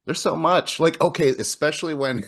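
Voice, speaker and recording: A man's voice: on the high side, moderate pace. A man hosting a casual movie podcast, laughing often and swearing casually. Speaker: podcast host. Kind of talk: casual chat about movies.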